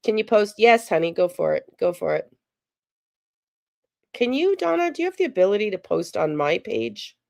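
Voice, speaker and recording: A woman's voice: medium pitch, very animated, moderate pace, gravelly, darkish tone, no room sound, clean studio sound. A woman hosting a casual live stream, chatty and sympathetic as she answers viewer chat aloud. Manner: emotional, sympathetic. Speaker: livestream host.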